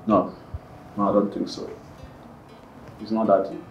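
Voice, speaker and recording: A man's voice: on the low side, level tone, a little slow, lo-fi sound, close to an everyday voice. A man with a Nigerian accent playing a confident, reassuring doctor. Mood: calm. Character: calm, self-assured male doctor. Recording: roomy, distant film sound with music.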